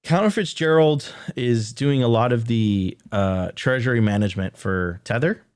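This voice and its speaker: A man co-hosting a casual live crypto show, talking in a halting way with many fillers. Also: mid-range voice, darkish tone, smooth, dry recording, studio quality. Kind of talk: casual livestream chat.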